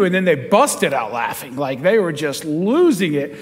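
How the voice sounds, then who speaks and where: Pastor, male, higher-pitched, animated storyteller in an echoing church. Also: moderate pace, few pauses. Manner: storytelling, animated, chuckles while telling stories. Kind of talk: sermon. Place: church sanctuary. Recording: church hall with long reverb.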